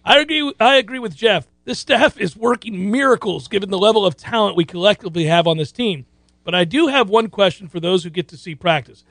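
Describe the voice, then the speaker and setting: A middle-aged man with a high voice co-hosts a casual sports talk show. He reads listener questions aloud and laughs easily. The sound is dry and close. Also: brisk, fairly bright tone, no echo.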